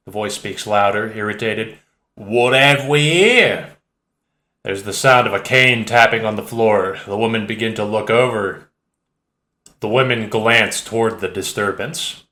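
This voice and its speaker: A man reading an audiobook in a steady, measured narration. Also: lowish voice, echoey room. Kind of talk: scripted narration.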